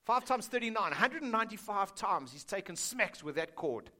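High, bright-voiced pastor preaching. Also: male voice, lively intonation, moderate pace. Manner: conversational, joking, addresses congregation directly. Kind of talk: sermon.

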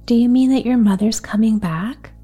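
A woman's voice: medium pitch, measured pace, warm tone, soft background music. Maida, a woman voicing a sweet little girl. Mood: gentle.

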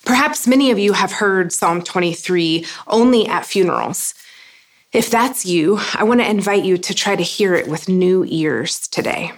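A woman giving a sermon in a measured, earnest way, pausing to let her points land. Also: lowish voice. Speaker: preacher.

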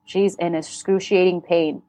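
A woman speaking as a podcast guest, telling a painful family story in a candid, blunt way, with halting restarts and some swearing. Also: lowish voice, fairly even intonation, mellow, dry recording. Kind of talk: emotional personal storytelling.

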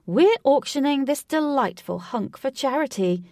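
Woman voicing a male showman, eccentric, theatrical, raised pitch, slow booming delivery, dry sound. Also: lively intonation, dark tone, no echo. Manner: eccentric, theatrical, drawn-out announcing.

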